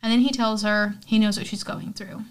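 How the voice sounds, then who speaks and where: A woman's voice: mid-range voice, level tone, normal speed. A woman hosting a podcast, recapping a movie in a rambling, casual way, with lots of "like" and some swearing. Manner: rambling, heavy on "like", swears freely. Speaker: podcast host.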